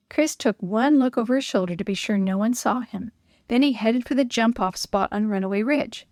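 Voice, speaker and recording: A woman narrates a children's story in a clear, expressive read-aloud manner. Her voice sits a little high. The recording is dry and close. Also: normal speed, dry recording.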